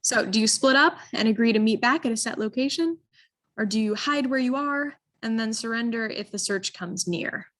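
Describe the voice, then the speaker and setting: A woman telling a history story to an audience, animated and full of ums, putting listeners in the story with choices. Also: fairly high pitch, moderate pace. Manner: animated, addresses listeners with choices, frequent um fillers. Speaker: history presenter. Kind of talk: interactive storytelling talk.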